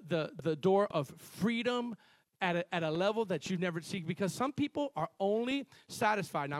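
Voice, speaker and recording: A man preaching a sermon as pastor, telling stories with sudden loud emphasis and quiet asides, often restarting phrases and calling on the congregation to respond. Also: high-pitched, dry recording. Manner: animated storytelling, shifting between loud emphasis and quiet asides.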